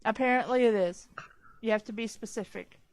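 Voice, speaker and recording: A woman's voice: fairly high pitch, fairly quick. A woman reading fanfiction aloud on a casual podcast, stumbling over names and breaking off for sarcastic remarks.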